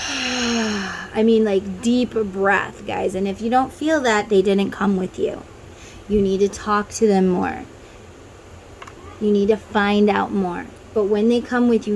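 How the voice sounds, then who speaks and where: A woman's voice: medium pitch, a little mellow, a little hiss or hum, rough recording. A woman who reads tarot, talking casually to viewers and guiding them through an inner-child meditation, with chatty tangents. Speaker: tarot reader.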